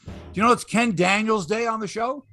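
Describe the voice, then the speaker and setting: A man hosting a sports podcast, talking casually and bluntly, swearing freely and breaking into animated rants. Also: high voice, fairly quick.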